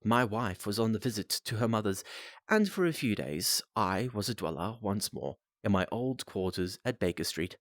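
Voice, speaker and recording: A man's voice: fairly low pitch, animated, moderate pace, dry recording, clean studio sound. A man reading a novel aloud on a live stream, breaking off for casual asides to viewers and restarting lines.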